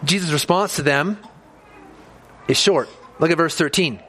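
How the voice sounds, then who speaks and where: A high-pitched man delivers a sermon, explaining the scripture passage verse by verse. He talks with earnest pastoral conviction. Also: unhurried, fairly bright tone, faint music behind.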